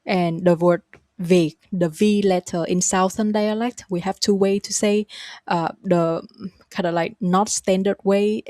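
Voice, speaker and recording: Woman, Vietnamese accent, language teacher, slow careful model phrases, dry recording. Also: fairly low pitch, dark tone, no echo. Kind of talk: spoken language lesson.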